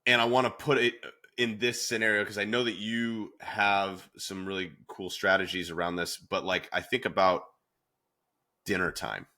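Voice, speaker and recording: Bright-voiced chatty male podcast host. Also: fairly low pitch, moderate pace. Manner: chatty, self-deprecating, animated asides. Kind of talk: podcast conversation.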